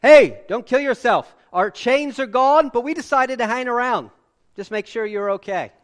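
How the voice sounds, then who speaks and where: A man's voice: high-pitched, lively intonation, moderate pace. A man putting on a casual, laid-back apostle who soothes a panicked jailer in a breezy, joking way. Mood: reassuring.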